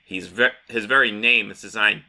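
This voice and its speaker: A man's voice: on the low side, fairly even intonation, normal speed, gravelly, pushed and bright, heavily acted. A man voicing an arrogant male genius billionaire villain in a clipped, disdainful way.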